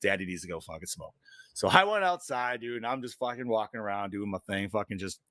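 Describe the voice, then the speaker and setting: A man's voice: lowish voice, lively intonation, fast talker, pushed and bright, dry recording. A man hosting a podcast, telling a rambling story in casual chat and swearing a lot. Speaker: podcast host.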